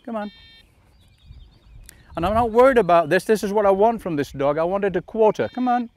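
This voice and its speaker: A man training a dog outdoors, explaining each step and calling the dog with calm, coaxing commands. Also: sits high, a little fast, dry recording. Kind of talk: instructional demonstration. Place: outdoors in a field.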